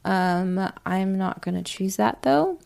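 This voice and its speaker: A mother takes part in a casual family chat and keeps asking her kids gentle follow-up questions. Her voice sits at an ordinary middle pitch, and her manner stays easygoing. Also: lively intonation, slow, creaky.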